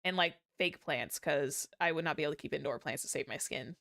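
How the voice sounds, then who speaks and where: A woman's voice: sits low, a little fast, gravelly, fairly bright tone. A woman streaming a game, reading its text aloud and chatting with jokey asides. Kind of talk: casual let's-play commentary. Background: game music.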